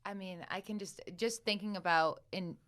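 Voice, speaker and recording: A woman's voice: mid-range voice, fairly even intonation, moderate pace, a bit bright. A woman hosting a casual interview podcast, affirming her guest with short backchannels and summing up his story. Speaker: podcast host.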